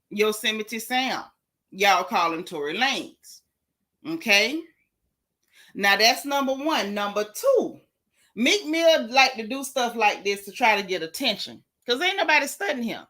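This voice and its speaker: Southern woman, gossip livestream host, sassy and emphatic, bright forceful voice. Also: fairly high pitch, expressive, moderate pace. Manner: sassy, emphatic, repeats lines for effect. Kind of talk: casual livestream gossip commentary.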